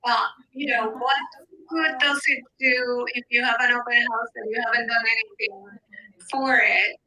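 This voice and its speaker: A woman with an accent talking on a video call, her voice high and bright. She speaks animatedly and often repeats words as she goes. It is a relaxed, chatty delivery. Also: normal speed, rough recording. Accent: foreign accent. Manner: animated, enthusiastic, repeats herself. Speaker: guest. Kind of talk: casual chat.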